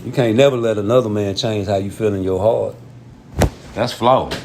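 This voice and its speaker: A man hosting a casual commentary show, talking in a profane, emphatic way that jumps high when he gets heated. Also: steady tone, moderate pace, background noise. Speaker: show host.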